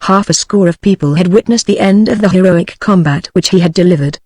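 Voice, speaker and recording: A woman's synthetic voice with a British English accent, reading a novel aloud in steady, even scripted narration. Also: on the low side, brisk, breathy edge, dry recording.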